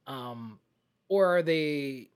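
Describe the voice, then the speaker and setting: A man co-hosting a casual film podcast, excitable and animated, often acting out scenes as he talks. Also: mid-range voice, extremely slow, smooth. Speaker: podcast co-host. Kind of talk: casual film review chat.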